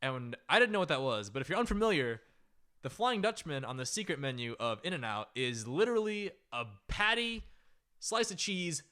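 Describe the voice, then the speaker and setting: A man hosting a comedy podcast, telling a story in a loose, animated way with lots of "like" and "right?". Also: a little high, normal speed, clear, resonant tone. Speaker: podcast host.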